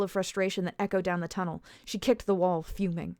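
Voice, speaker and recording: A woman, an author reading her own novel aloud in a measured, steady way. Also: lowish voice, no echo, clean studio sound. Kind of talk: storybook narration.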